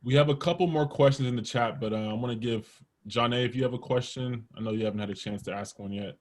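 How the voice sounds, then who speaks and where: A man moderating a question-and-answer session over a video call, easygoing and a bit halting. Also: medium pitch.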